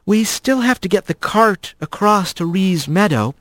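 A man voicing an earnest young female mouse who speaks gently and with concern. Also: high voice, expressive, measured pace, dry recording, voice pushed up.

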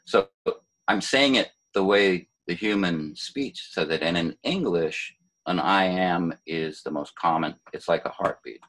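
An older man, a poet, talking in a relaxed interview, thoughtful and hesitant, with many fillers and restarts. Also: sits low, unhurried, low-quality recording. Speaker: poet, former city poet laureate.

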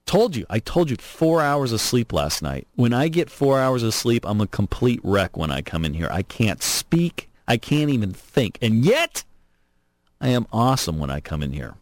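A man hosting an opinionated political talk radio show from Southern California, animated, sarcastic and emphatic. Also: on the high side, no echo. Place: radio studio.

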